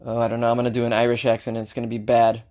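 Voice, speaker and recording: A man hosting a comedic offbeat-news segment, reading stories and throwing in animated, jokey asides. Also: mid-range voice, very fast. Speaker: host.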